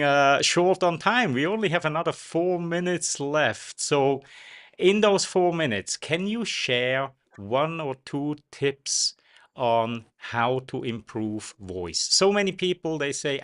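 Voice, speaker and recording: A man's voice: fairly high pitch, expressive, slow pace, fairly bright tone, smooth. A man hosting an interview, wrapping up with effusive thanks to his guest. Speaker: show host.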